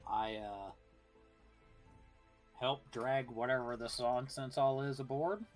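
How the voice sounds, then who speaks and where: A man's voice: mid-range voice, takes it slowly. A man with a mid-range voice chats casually as a player at a tabletop game, loose and joking and dropping the odd swear. Faint music sits behind him.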